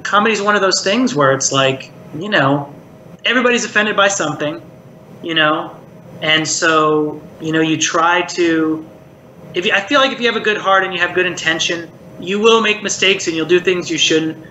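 Middle-aged male puppeteer, casual reflective interview talk, slightly high, roomy recording with faint hiss. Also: normal speed, bright, forceful tone. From Maryland, United States. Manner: chatty, reflective, lots of "like" and "you know". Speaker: puppeteer and voice actor, guest.

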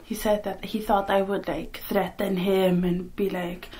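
A woman's voice: medium pitch, flat delivery, measured pace, darkish tone. A woman in her twenties chatting casually while eating on camera, giggling often between sentences. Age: 20s. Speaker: vlogger.

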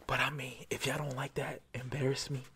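A man's voice: medium pitch, little pitch movement, brisk, bright, forceful tone, a little hiss or hum. A man rambling chaotically in whispered ASMR, joking and jumping between whispers and spoken talk, close to the mic at home. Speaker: ASMR creator. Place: at home, sitting before a camera. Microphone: ASMR microphone, close.

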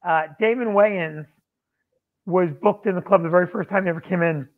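High-voiced man on a tinny phone line. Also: normal speed. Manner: animated storyteller acting out quotes. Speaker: comedy club owner and comedian. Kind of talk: casual storytelling on a podcast.

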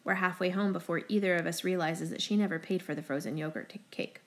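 A woman narrating a first-person audiobook in an expressive, brisk storytelling manner. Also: on the low side.

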